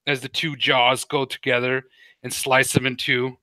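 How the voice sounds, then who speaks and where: Young male game master, rambling and casual, sharp bright tone, dry sound. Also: mid-range voice, flat delivery, normal speed, no echo, poor audio. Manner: rambling, casual, with many fillers. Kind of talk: narrating a tabletop game.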